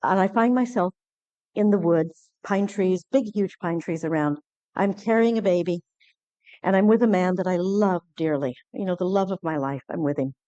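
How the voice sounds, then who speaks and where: A woman's voice: lowish voice, dark tone, no room sound, lo-fi sound. Woman telling a personal story, dry close sound. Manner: earnest, halting with many restarts. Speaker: conference speaker. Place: conference hall lecture.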